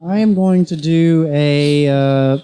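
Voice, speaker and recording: Male tabletop player, a bit high-pitched, deliberate, checks the rules. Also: warm tone, clear, resonant tone. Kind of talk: casual game chat.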